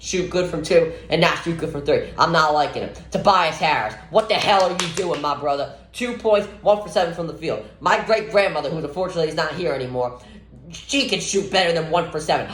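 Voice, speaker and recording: A man's voice: high voice, brisk, a bit bright. A man with a voice that cracks, giving an exasperated, ranting sports analysis vlog where he scolds players directly. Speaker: sports vlogger. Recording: roomy echo.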